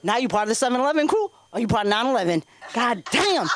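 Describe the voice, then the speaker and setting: A woman's voice: on the high side, fast, background noise. A woman in her thirties with a New York accent, doing brash, profane stand-up comedy at an open mic. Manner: brash, profane, loud and animated.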